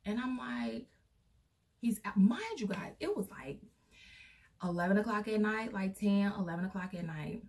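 Gravelly young woman telling a story. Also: mid-range voice, lively intonation, measured pace, darkish tone, far from the mic. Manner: rambling, with many fillers. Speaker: vlogger. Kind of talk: casual storytime.

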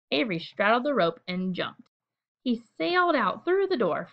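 A woman reading a children's storybook aloud at bedtime, gentle and expressive, with chatty asides. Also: mid-range voice, normal speed, muffled recording.

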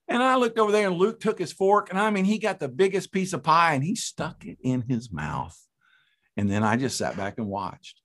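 A middle-aged man preaching as a guest speaker, telling a story with lively, laughing delivery. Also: on the high side, fast. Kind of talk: storytelling sermon.

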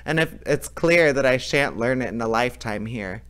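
A man's voice: mid-range voice, expressive, normal speed, a bit bright, smooth, natural voice. A man reading as a fearless cocky young hero. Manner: cheerful, unbothered, cocky. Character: bold fearless young man who cannot shudder. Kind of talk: storybook reading.

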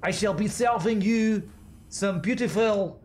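A man putting on a pompous male French chef with a deliberately bad mock-French accent, playing up the grandeur. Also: high-pitched, darkish tone, voice pushed up. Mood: grandiose. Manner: grandly theatrical.

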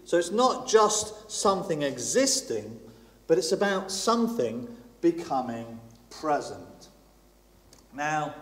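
A man's voice: high voice, big pitch swings, slow pace, fairly bright tone, a little hiss or hum. A man preaching a sermon in a chatty, self-deprecating way, stressing points by repeating them. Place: church hall. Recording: echoey church hall with long reverb.

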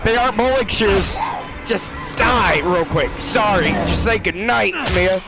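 A man's voice: high-pitched, measured pace, over loud music. A young man giving casual, jokey commentary while playing a horror game, often yelping and shrieking when scared. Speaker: let's play gamer.

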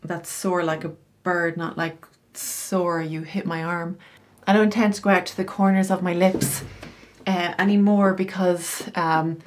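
A woman's voice: on the low side, steady tone, measured pace, a little hiss or hum. A middle-aged woman style coach talking through her makeup routine in a chatty, explanatory way, with casual asides. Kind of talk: makeup tutorial.

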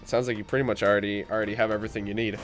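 A man's voice: lowish voice, little pitch movement, very fast, soft background music. A young man livestreaming a game while sick and tired, chatting casually with viewers, with frequent fillers, restarts and the odd voice crack. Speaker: gaming livestreamer.

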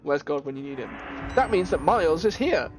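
A man commentates on a horror game as he plays it, jokey and excitable, with sudden yelps. His voice sits a bit high, and faint music runs underneath. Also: brisk. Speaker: streamer. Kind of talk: gaming commentary.

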